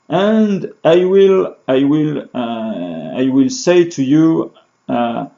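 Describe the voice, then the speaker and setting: A man teaching beginner phrases, halting with many fillers and restarts, in a lo-fi recording. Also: medium pitch, expressive, vocal fry, dark tone. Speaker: French teacher. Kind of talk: beginner language lesson. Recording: dull lo-fi sound.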